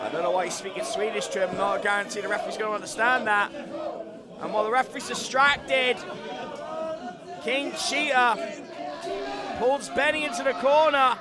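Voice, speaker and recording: A man calling a wrestling match live, excitable and joking, often shouting over the action. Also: high voice, moderate pace, long pauses. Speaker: wrestling commentator. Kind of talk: live play-by-play commentary. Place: indoor wrestling venue. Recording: loud live crowd and arena noise.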